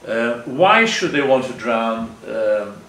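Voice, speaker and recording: A man's voice: medium pitch, very animated, slow pace, bright, forceful tone, recorded from a distance. An older man giving a public talk with slides in a meeting hall, speaking earnestly and rambling, often correcting himself. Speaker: guest speaker. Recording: echoey room, faint ambience.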